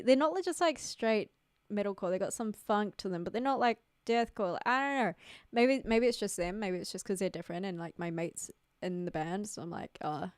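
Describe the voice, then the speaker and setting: A woman's voice: mid-range voice, clear, resonant tone, no echo, clean studio sound. Rambling young New woman streaming. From New Zealand. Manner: rambling, filler-heavy, giggly. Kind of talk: casual livestream chat.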